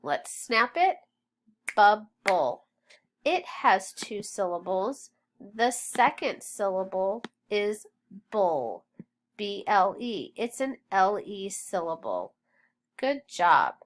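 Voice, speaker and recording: A woman with a medium-pitched, sing-song voice teaches a phonics lesson, spelling out letters and sounding out words slowly and deliberately. She is patient and encouraging, and there's slight background noise.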